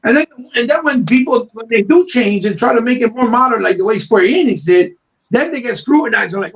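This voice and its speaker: A man's voice: very high-pitched, expressive, a little fast, dull audio. A man co-hosting a podcast, ranting heatedly with a lot of profanity in casual talk. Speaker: podcast co-host.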